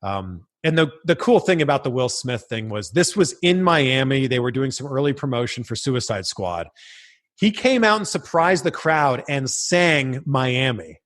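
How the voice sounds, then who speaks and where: A man in his thirties, a guest interviewer telling lively anecdotes in casual chat. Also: mid-range voice. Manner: animated, quick anecdotes with acted quotes.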